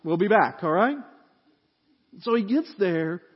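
Man, sermon, husky voice, dull lo-fi audio, long hall reverb. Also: sits high, a little slow. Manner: animated storyteller, acts out voices and laughs. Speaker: pastor.

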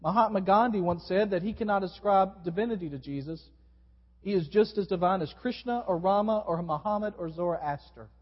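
A man preaching a sermon to his congregation, with wide swings in pitch and volume. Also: brisk. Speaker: pastor. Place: church sanctuary. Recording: dull recording in a long-reverb hall.

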